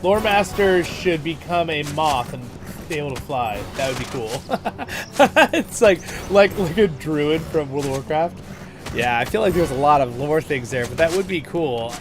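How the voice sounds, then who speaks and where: A stuffy-nosed man hosts a relaxed game livestream in a middle-pitched voice. He chats easily, laughs a lot and answers his viewers, while faint music runs in the background. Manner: chatty, laughs often, answers chat. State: stuffed up nose. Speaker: livestream host. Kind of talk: casual livestream chat.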